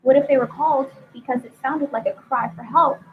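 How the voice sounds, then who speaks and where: A woman's voice: high voice, fairly even intonation, brisk. A woman hosting a casual spiritual talk, asking searching questions in a preachy way. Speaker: host. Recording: tinny phone-like line with faint noise.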